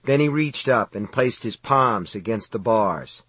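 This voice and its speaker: A man narrating a novel in a steady, measured, dramatic reading. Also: on the low side, slightly rough, dry recording. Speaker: audiobook narrator. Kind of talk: scripted narration.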